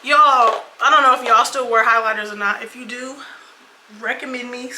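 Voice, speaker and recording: A woman's voice: a little high, fairly even intonation, moderate pace, bright, forceful tone, a little hiss or hum. A young woman in her twenties telling a dating story while doing her makeup, chatty and casual, cursing freely and calling her viewers y'all and girl. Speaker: beauty vlogger. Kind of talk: casual get-ready-with-me storytime. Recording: echoey room with faint ambience.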